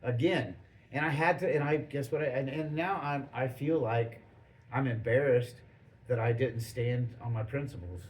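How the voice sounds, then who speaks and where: A man hosting a podcast, telling stories in a rambling, animated way full of restarts and acted-out quotes. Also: medium pitch, moderate pace, rough recording. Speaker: podcast host. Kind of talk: casual storytelling chat.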